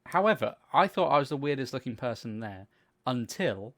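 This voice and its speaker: A young man co-hosting a podcast, telling long animated stories in casual chat, swearing freely and acting out what people said. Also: mid-range voice, moderate pace. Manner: animated storytelling, swears freely, acts out quotes. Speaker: podcast co-host.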